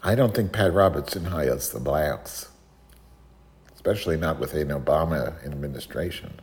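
A man chatting casually and telling a story in a sardonic, animated way, sometimes mimicking other voices. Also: rumbling low, normal speed.

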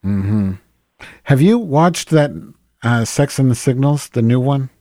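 A man's voice: medium pitch, expressive, slow pace, mellow, no echo. A man co-hosting a podcast, talking bluntly and snarkily in casual chat. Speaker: podcast co-host.

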